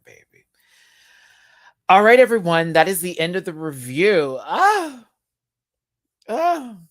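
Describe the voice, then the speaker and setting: A man talks through a live episode review in a chatty, sassy style, sprinkling in drag slang. His voice sits in a middle pitch. The sound is dry and close, with no room echo. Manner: chatty, expressive, with laughs. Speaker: YouTube reviewer.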